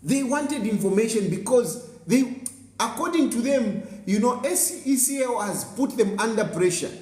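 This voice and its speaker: Combative Zambian man, high lively voice. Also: unhurried. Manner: combative, scolding, repeats phrases for emphasis. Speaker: political commentator host. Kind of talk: political commentary monologue. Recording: roomy echo.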